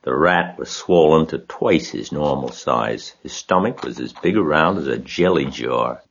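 A man with a husky voice reading a children's story aloud as narrator. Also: rumbling low, animated, unhurried, highs cut off.

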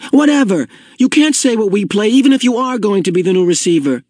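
A man's voice: high-pitched, lively intonation, fast talker, darkish tone, slightly rough, no room sound, clean studio sound, voice pushed up. A man reading a storybook aloud, voicing an irritated, defensive boy.

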